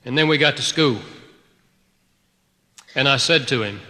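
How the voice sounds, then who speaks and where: A man preaching a sermon to a congregation, telling a personal story in an animated way, swinging between loud outbursts and hushed, quiet passages. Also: mid-range voice, unhurried, big-room sound. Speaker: pastor.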